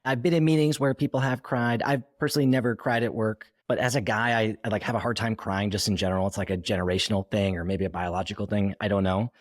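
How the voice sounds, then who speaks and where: A man hosts the interview, talking quickly in a rather low voice and jumping in with eager questions. His voice is close to the mic and dry, with no room echo. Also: fairly even intonation. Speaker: podcast host and coach. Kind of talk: interview conversation.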